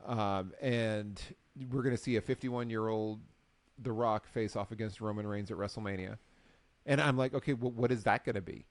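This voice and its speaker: A man co-hosting a casual recap show, telling the story with lively acted-out quotes. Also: on the low side, moderate pace, dry recording. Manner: animated storyteller, acts out quotes. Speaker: podcast co-host. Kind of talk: casual chat.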